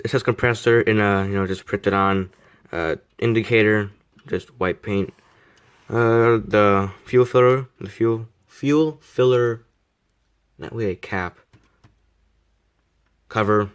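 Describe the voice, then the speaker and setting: Teen male hobbyist, low-ish voice, rambling self-deprecating vlog delivery full of fillers. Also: clear, resonant tone. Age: teens. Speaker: model car reviewer. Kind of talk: casual review vlog.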